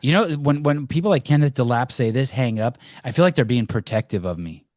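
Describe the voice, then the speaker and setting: A man's voice: medium pitch, animated, brisk, darkish tone, no room sound, clean studio sound. A man hosting a live call-in podcast, joking and teasing callers in casual, rambling banter. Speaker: podcast host.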